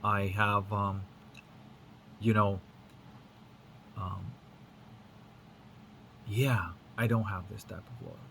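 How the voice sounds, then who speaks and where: A man's voice: fairly low pitch, little pitch movement, slow pace, gravelly, long pauses, fairly bright tone, a little hiss or hum. A man from Lithuania whose English accent mixes Lithuanian, American and British sounds, giving a rambling, frank spiritual talk and swearing casually. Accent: mixed Lithuanian, American and British English. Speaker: spiritual teacher.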